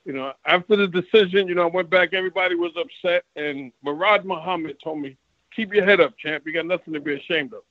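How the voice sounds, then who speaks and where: A man's voice: high voice, fast talker, dry recording, muffled recording. A man, a former professional boxer, telling stories from his career in a casual interview and acting out the exchanges he quotes. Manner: animated, acts out quoted exchanges. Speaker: retired boxer, guest.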